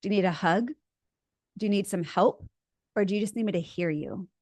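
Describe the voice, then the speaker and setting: A woman's voice: mid-range voice, a little fast, a little mellow, dry recording. Woman therapist, dry close voice. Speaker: couples therapist, podcast co-host. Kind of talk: casual chat with role-play.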